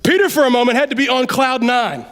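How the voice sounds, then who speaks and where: A man delivers a sermon in a church sanctuary. He talks to the congregation in a lively, conversational way, sometimes dropping to a near-aside. His voice carries a long reverb from the large hall. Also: very high-pitched, fast. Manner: conversational, animated preaching with sudden drops to quiet. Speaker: preacher.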